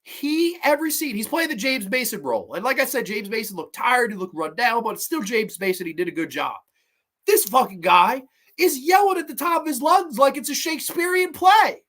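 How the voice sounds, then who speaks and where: A man's voice: very high voice, sing-song, fairly quick, a bit bright. A man hosting a horror movie review show, ranting in a profane, heated and sarcastic way. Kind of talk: solo movie review rant.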